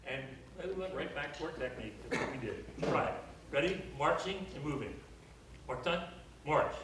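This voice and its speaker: A man's voice: fairly high pitch, expressive, fairly quick, very noisy. An older man teaching a live drum clinic, counting off drills and telling stories, a little out of breath. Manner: coaching, counting off and storytelling. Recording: distant mic in echoey hall.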